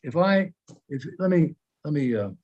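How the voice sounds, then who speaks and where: Over a video call, an American man in his eighties, a senior devotee, gives an emphatic, rambling informal talk at a meeting. His voice is a little high and expressive, moving at a moderate pace, and the recording has its highs cut off.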